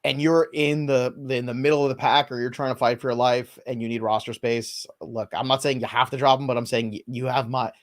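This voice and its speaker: A man's voice: mid-range voice, little pitch movement. A man hosts a live fantasy baseball show, rattling off injury updates in a mid-range voice. He keeps slipping in dry, sarcastic jokes between the news items. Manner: wry, sarcastic, quick rundown of injury news. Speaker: fantasy baseball podcast host. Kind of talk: live podcast banter and news rundown.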